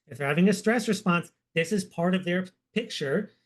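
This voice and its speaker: A man's voice: sits high, normal speed. Emphatic plain-spoken man explaining. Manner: emphatic, plain-spoken, repeats key points. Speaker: guest practitioner. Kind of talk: conversational explaining.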